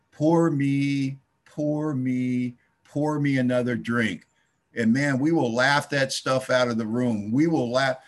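A middle-aged man with a husky voice speaks to a recovery meeting. He tells his story in a wry, self-mocking way, landing punchy asides at an even, middling pitch.

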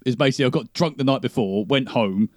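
A man talks casually in a mid-pitched voice, easygoing and slangy, often breaking into laughter. The sound is dry and close to the mic. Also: fast, a little mellow, dry recording. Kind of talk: casual chat.

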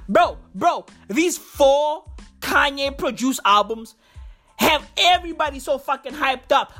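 A high-pitched woman rants about music at an unhurried pace. She swears freely and repeats "bro" over and over. Faint music plays underneath. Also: animated, a bit bright. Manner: profane, repetitive, keeps saying bro. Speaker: music commentator. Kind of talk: ranting music commentary.

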